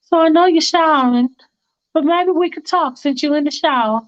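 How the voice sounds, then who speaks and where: A woman's voice: sits high, normal speed, no room sound, pitched above the performer's own voice, close to an everyday voice. A woman putting on a pleading, distraught mother. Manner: pleading, emotional. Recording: dull lo-fi recording.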